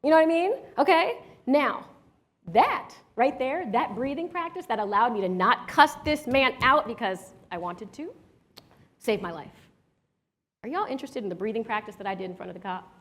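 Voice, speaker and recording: A lively woman from Washington, D.C. teaches a breathwork workshop, talking straight to the crowd with an easy "y'all". Her voice sits a little high for a woman. She guides each breath step by step. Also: normal speed. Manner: lively, chatty, addresses the audience with "y'all". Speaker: workshop leader. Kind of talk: live workshop talk with a story.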